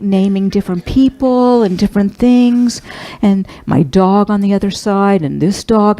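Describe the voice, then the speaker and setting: A middle-aged woman minister giving a sermon, telling a personal story in a tender, heartfelt, halting way. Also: on the high side, mellow, poor audio.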